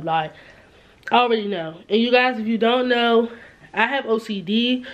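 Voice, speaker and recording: A woman's voice: on the high side, highs cut off. Chatty young woman vlogging to her camera. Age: 20s. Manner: chatty, full of fillers, talks straight to viewers. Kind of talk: casual vlog chat to camera. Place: store, then her bedroom at home. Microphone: camera held or set up by herself.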